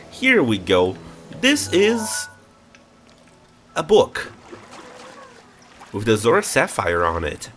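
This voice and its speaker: A man's voice: mid-range voice, big pitch swings, slow pace, long pauses, fairly bright tone, a little hiss or hum. Stuffy-nosed young man playing a game. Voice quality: stuffy nose. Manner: playful, reads text aloud with jokey asides. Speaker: gamer reading in-game text. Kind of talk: casual let's play commentary. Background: faint game music.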